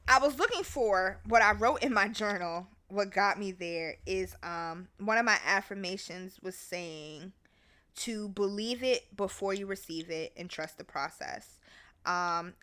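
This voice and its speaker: A woman's voice: medium pitch, unhurried, sharp tone. A young woman hosting her own podcast, talking casually and profanely, and breaking into song now and then. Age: young adult. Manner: chatty, profane, bursts into song. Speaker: podcast host. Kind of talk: casual solo podcast chat.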